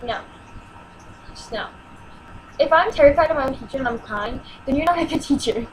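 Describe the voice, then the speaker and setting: High-voiced teen girl telling her story. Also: fast talker, background noise. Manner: emotional, exasperated retelling with acted-out quotes. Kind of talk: personal vlog storytelling.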